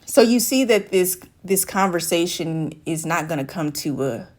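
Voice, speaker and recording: This life coach has a fairly low, darkish voice, animated and at normal speed, as she addresses the camera with advice. Working through an everyday scene, she performs the dialogue and switches voices for quoted women.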